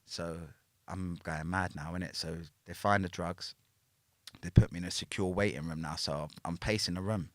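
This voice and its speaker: Low-voiced man, dry sound. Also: steady tone, moderate pace, dry recording. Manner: slang-heavy, constant "yeah?" and "innit" tags. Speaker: podcast guest, former prisoner. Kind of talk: casual storytelling.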